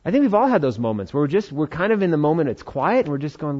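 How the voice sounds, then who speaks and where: A man's voice: on the high side, very animated, quick pace, few pauses, a little mellow, husky, highs cut off. A man preaching a conversational sermon, acting out Bible dialogue in changing voices. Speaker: pastor.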